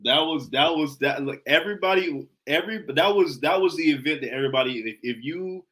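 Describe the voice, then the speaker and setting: A man's voice: a little high, fairly quick, sharp tone. A man co-hosting a casual sports podcast, talking with enthusiasm and often repeating and restarting his words. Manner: enthusiastic, repeats himself, stumbles over words. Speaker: podcast co-host.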